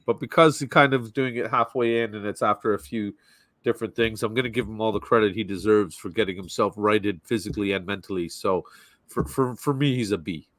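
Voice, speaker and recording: A man's voice: on the low side, a little fast, fairly bright tone, no room sound. Chatty joking man, dry close sound. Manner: laughs easily, joking and chatty. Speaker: podcast host reading viewer comments. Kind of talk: casual football chat.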